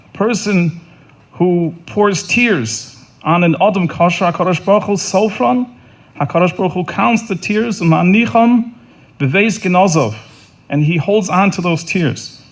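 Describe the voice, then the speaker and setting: A middle-aged man delivering a funeral eulogy in an earnest, halting way, often repeating words and restarting. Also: high-pitched. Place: funeral service.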